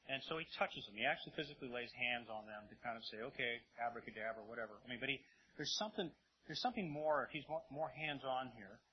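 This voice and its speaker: A man teaching a Bible lesson to a congregation in an animated, conversational way, checking in with his listeners often. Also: medium pitch. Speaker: preacher. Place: room with a congregation. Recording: dull lo-fi audio, faint hiss.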